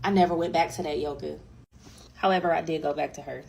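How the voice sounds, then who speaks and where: A young woman telling a storytime monologue, exasperated and profane, dropping to mutters and rising to shouts, repeating lines for emphasis. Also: low-pitched, fairly even intonation, fast, vocal fry, low-quality recording.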